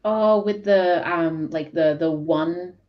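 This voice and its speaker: A woman's voice: on the low side, slow. Woman on a muffled call. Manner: rambling, hesitant, laughs easily. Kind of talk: casual live-stream chat. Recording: dull lo-fi call audio.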